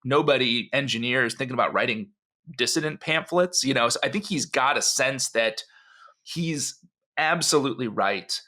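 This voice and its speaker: A man co-hosting a history podcast, telling the story in an animated, conversational way with frequent asides. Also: mid-range voice, normal speed. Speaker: podcast co-host.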